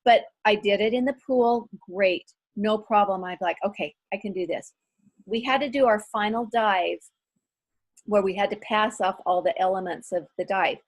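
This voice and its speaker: A middle-aged woman with a mid-range voice is a guest author in a casual interview. She tells stories animatedly, poking fun at herself.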